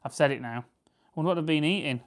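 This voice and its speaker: Talking quickly in a voice on the high side, a Barnsley man with a Yorkshire accent hosts a farming channel livestream. He prepares game birds while casually answering viewers, rambling and correcting himself along the way.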